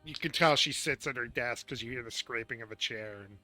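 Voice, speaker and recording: A man narrating as game master in a tabletop game, halting and restarting his phrases. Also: mid-range voice, sharp tone, faint music behind.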